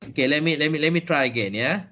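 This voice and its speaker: A man teaching English pronunciation in an online lesson, talking slowly and deliberately and repeating words. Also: on the high side, bright, forceful tone.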